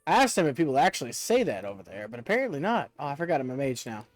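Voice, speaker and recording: A man's voice: medium pitch, big pitch swings, very fast, no room sound. A male streamer chatting casually and joking with his viewers while playing a game, laughing often. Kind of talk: casual gameplay chat.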